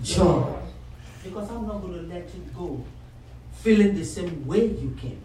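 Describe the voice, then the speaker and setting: A woman's voice: fairly low pitch, expressive, a little slow, distant mic. Fiery woman preacher in an echoey hall. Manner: emphatic, rising to shouts, call-and-response. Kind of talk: sermon.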